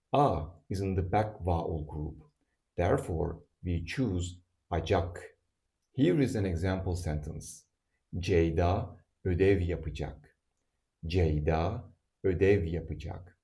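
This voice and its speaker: A man with a low, dark voice delivers a scripted language lesson at an unhurried pace. He lays out each rule deliberately and repeats every example word so learners can follow. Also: creaky. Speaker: language teacher.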